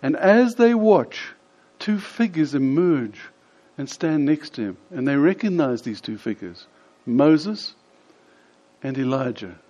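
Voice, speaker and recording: A man preaching a sermon, retelling a scripture scene vividly with dramatic pauses. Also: on the high side, lively intonation, dark tone. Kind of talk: storytelling sermon. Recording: slightly dull lo-fi sound.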